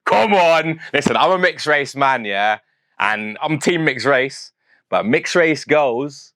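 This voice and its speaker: In an expressive, slow, mid-range voice with a fairly bright tone, a southern English man from St Albans talks through the meaning of his rap lyrics. He's relaxed and full of slang, chuckling at his own jokes. The studio-quality recording has no room sound.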